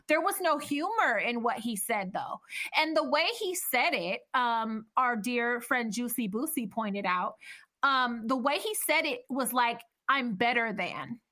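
Bright-voiced woman, blunt and profane. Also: fairly high pitch. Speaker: podcast co-host. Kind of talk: casual chat.

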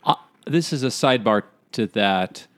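A man's voice: medium pitch, animated, moderate pace, a bit bright, no room sound. Guy cohosting a podcast, rambly, laughs at his own bits, dry mic. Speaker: podcast co-host. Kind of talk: casual comedic chat.

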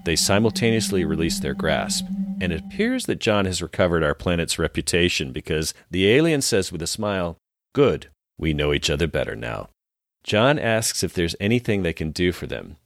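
A man co-hosting a podcast, narrating an episode scene by scene with dramatic, measured storytelling and dry asides. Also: deep voice, sing-song, music in the background. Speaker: podcast co-host recapping an episode.

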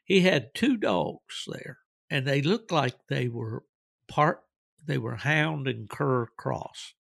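A man's voice: mid-range voice, animated, slow pace, creaky, fairly bright tone, no room sound, studio quality. A man hosting a podcast, telling rambling, folksy stories with frequent chuckles. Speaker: podcast host. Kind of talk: casual storytelling.

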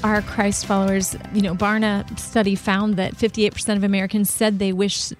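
A woman's voice: medium pitch, level tone, moderate pace, faint music behind. A woman co-hosting a faith radio talk show, encouraging and upbeat as she chats and promotes an event. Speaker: radio co-host.

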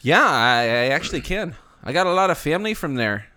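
A man's voice: a little high, sing-song, brisk, bright, forceful tone, dry recording. A man co-hosting a comedy podcast, chatting casually and rambling a little with fillers. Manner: rambling, fillers while reading posts aloud. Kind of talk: casual banter.

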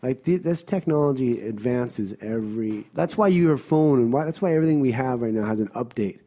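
A man's voice: mid-range voice, lively intonation, fairly quick, mellow. A young man co-hosting a casual chat, loose and profane, with lots of "you know" fillers. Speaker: podcast co-host.

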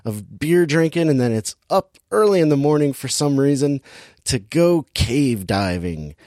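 A man casually retelling a movie plot, animated and laughing often, acting out characters' lines with sudden jumps in pitch. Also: measured pace, no room sound, clean studio sound. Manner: laughs often while talking. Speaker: podcast co-host recapping a movie. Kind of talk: casual chat.

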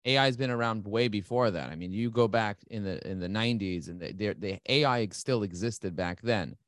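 A middle-aged man talking as an interview guest, fast and enthusiastic, repeating key words for emphasis. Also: lowish voice, no echo, studio quality. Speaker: guest, marketing agency CEO. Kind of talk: energetic interview talk.

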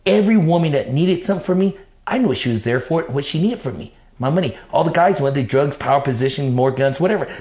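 A man's voice: a little high, expressive, fast, a little mellow. A man being interviewed, telling his life story in blunt, profane casual talk and acting out the things he told himself back then. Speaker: interview guest. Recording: roomy echo.

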